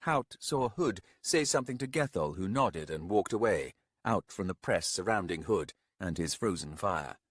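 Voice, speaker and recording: A man giving a measured, expressive audiobook narration on a close studio mic. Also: deep voice, husky, no echo. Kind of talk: scripted narration.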